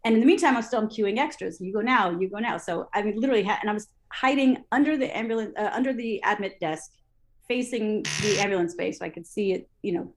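A woman recounting television production stories in an interview, lively, acting out her own past thoughts aloud with many fillers and restarts. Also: medium pitch, quick pace. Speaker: interview guest, TV assistant director. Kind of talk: storytelling in an interview.

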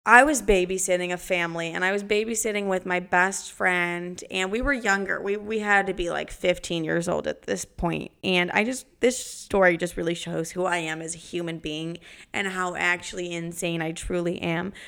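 A woman's voice: fairly low pitch, steady tone, normal speed, gravelly, a bit bright, clear, resonant tone. A young woman telling brash, profane stories about quitting jobs in a sarcastic storytime monologue.

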